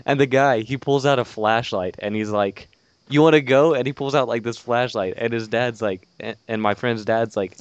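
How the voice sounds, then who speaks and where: A young man co-hosts a hunting podcast in casual chat, telling animated stories and swearing freely. His voice is smooth and crisp. The audio is dry and dull. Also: medium pitch, moderate pace, few pauses, no room sound. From Georgia. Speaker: podcast co-host.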